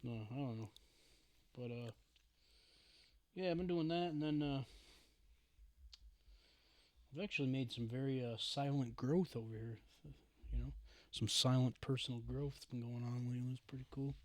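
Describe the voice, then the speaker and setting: A young man co-hosting a casual podcast, telling excitable stories with lots of swearing and mimicking the voices of others. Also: medium pitch, normal speed, pauses often, no echo. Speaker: podcast co-host. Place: podcast studio.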